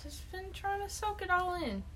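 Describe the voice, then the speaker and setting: A young woman, a college soccer player, co-hosting a casual podcast with teammates, laughing often and chiming in with quick agreement. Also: very high-pitched, lively intonation, fairly bright tone, slight background noise. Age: young adult. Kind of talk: casual chat.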